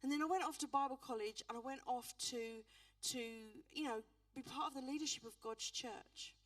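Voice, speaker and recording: High-voiced woman preaching from afar. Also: moderate pace, a bit bright, no echo, distant mic. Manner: earnest storytelling that swells into fervent preaching. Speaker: pastor. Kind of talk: testimony sermon. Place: church.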